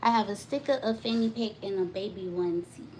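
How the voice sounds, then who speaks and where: A woman's voice: medium pitch, quick pace, darkish tone, slight background noise, rough recording. A woman vlogging live from her home kitchen, chatting casually with viewers and greeting them by name while she does the dishes. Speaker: live-streaming mom vlogger. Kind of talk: casual live-stream chat.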